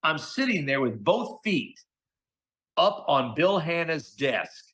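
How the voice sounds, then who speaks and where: A middle-aged man, a guest voice actor, telling stories in a casual interview, animated and acting out the voices of the people he quotes. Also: a little high, takes it slowly. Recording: podcast audio.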